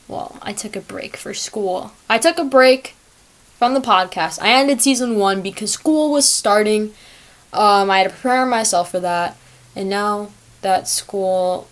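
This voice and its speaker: A young woman hosting her own sports podcast solo, talking casually in a chatty, rambling way with self-talking asides. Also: mid-range voice. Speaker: podcast host.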